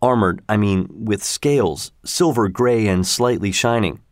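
A man reading a science fiction story aloud in a lively, conversational storytelling manner. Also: lowish voice, unhurried, no echo, studio quality.

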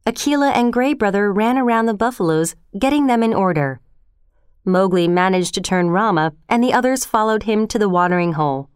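A woman narrating a children's adventure story in a steady, expressive way. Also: medium pitch, a little fast, clear, resonant tone, no room sound, clean studio sound. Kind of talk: scripted narration.

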